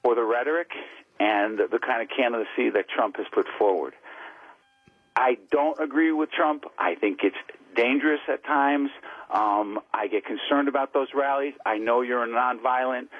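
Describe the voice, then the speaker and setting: Middle-aged guy guesting on talk radio, kinda husky, jokey then serious. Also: mid-range voice, dry recording, narrow, tinny audio. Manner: quick, joking, then earnest opinion. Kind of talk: casual radio banter and political commentary.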